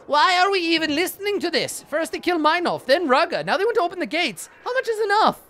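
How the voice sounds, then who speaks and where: A man voicing a furious male rabble-rouser in a game, reading his accusing lines aloud with shrill shouts. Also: very animated, normal speed, heavily acted. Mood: outraged.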